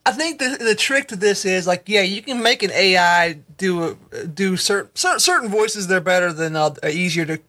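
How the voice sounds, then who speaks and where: A man with a high, bright, sharp voice in casual podcast chat. He halts, stammers and gropes for the right word as he makes his point. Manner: halting, stammering, searching for words.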